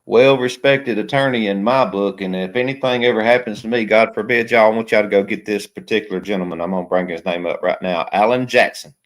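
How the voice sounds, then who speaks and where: Easygoing male livestream host, lower voice. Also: fairly quick, few pauses. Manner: easygoing, chatty, reads out viewer comments. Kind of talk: casual chat.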